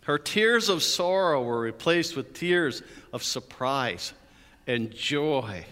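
Animated man preaching in an echoing church. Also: fairly high pitch, slow. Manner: animated storytelling with playful asides. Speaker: pastor. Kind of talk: Easter sermon. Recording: hall reverb.

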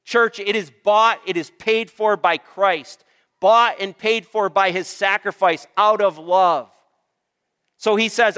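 A man's voice: sits high, steady tone, takes it slowly, sharp tone, smooth, in a large hall. A man preaching a sermon as pastor, emphatic and repetitive, calling on the congregation for amens. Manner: emphatic, repeats phrases, calls for amens.

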